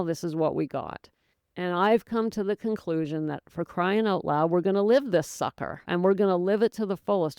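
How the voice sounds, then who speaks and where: A woman's voice: on the low side, creaky, darkish tone, clear, resonant tone, dry recording, clean studio sound. A woman hosting her own sobriety podcast, talking straight to the listener in an earnest, encouraging, folksy way. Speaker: podcast host, sobriety coach. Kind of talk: motivational solo talk.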